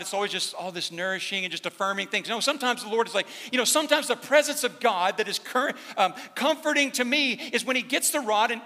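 A man preaching a sermon as pastor, dropping to a hushed, slow emphasis and then rising to loud, fervent peaks. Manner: swings from hushed, slow emphasis to loud, high-pitched fervor. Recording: long hall reverb.

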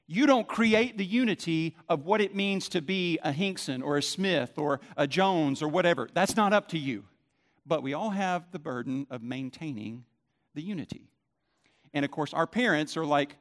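A man's voice: fairly high pitch, normal speed. A man, a pastor, preaching a sermon in an emphatic, conversational way.

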